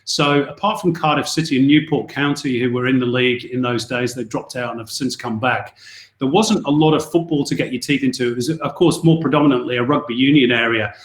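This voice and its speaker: A man's voice: mid-range voice, brisk. Englishman telling stories in an echoey room. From England. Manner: relaxed storytelling, frequent fillers and restarts. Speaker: guest sports commentator. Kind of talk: casual podcast interview.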